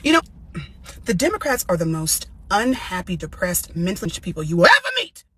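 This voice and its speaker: A woman posting an angry video rant, agitated, shouting and cursing as she goes. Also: fairly low pitch, huge pitch swings, brisk, slightly rough, dry recording. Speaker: social media poster.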